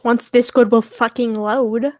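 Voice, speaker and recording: Woman co-streaming, brash and laughy, swears, higher voice, dry mic sound. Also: fairly even intonation, a little slow, a little mellow, dry recording. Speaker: streamer co-host reading fan fiction. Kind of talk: casual chat and reading aloud.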